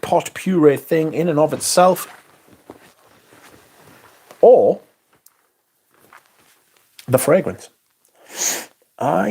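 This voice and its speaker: A man's voice: fairly high pitch, darkish tone, slightly rough. A man hosting a livestream, chatting casually, reading out comments and swearing in exasperated asides. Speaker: livestream host.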